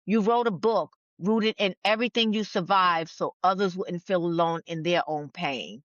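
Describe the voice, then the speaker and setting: A woman's voice: on the low side, moderate pace, fairly bright tone, no echo. Earnest woman, dull lo-fi sound. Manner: earnest and affirming when reading, chatty and candid when talking. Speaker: podcast guest, speaker and author. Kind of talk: reading a letter to her younger self, then casual conversation. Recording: dull lo-fi audio.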